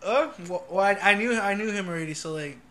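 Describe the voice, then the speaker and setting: A man's voice: sits high, fast talker, heavy background noise. A young man hosting a podcast, telling stories in a loose, profane way and laughing often. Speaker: podcast host. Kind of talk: casual chat.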